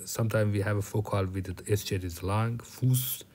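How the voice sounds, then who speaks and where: A man's voice: fairly low pitch, level tone, fairly quick, a little mellow. A man whose first language is Persian, teaching German vocabulary in English, with many fillers and restarts. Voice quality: drops to a whisper at times. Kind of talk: recorded German lecture.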